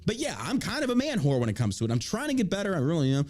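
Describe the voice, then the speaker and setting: A man's voice: high voice, wildly swooping pitch, rapid-fire, darkish tone. A man hosting an opinion podcast, ranting with heavy profanity and mocking imitations of the people he criticizes. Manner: mocking put-on quotes. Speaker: podcast host.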